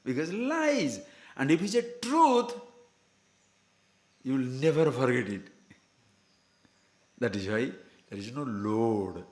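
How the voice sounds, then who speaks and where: Guy teaching scripture to a class, pitch jumps all over, lots of rhetorical questions, echoey room. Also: sing-song, takes it slowly, pauses often, darkish tone. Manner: asks many rhetorical questions, emphatic. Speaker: spiritual teacher.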